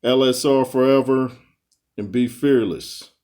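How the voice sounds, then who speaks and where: Male vlog host, slow and unhurried, casual rambling boxing commentary, mid-pitched. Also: a little mellow. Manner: laid-back, rambling, chuckles often.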